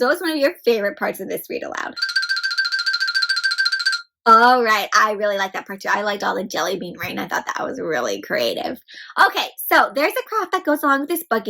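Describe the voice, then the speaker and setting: A woman's voice: medium pitch, fairly bright tone. A woman hosting a children's read-aloud, talking to young listeners in an upbeat way and often checking in with "right?". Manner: upbeat, asks questions, repeats "right?". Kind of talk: friendly teaching talk to kids.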